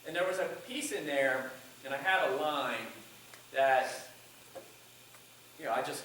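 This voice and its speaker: A man's voice: medium pitch, unhurried, pauses often, a bit bright, slight background noise. A man giving a college class on public speaking, who acts out lines from his own speech as he breaks it down. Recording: echoey classroom from far off.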